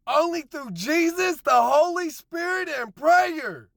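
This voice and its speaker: A man recording a faith vlog on his drive home, shouting praise and whooping with joy, at times close to tears. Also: very high voice, animated, slow, gravelly, hardly any pauses, dry recording. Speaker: vlogger. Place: car, driving home.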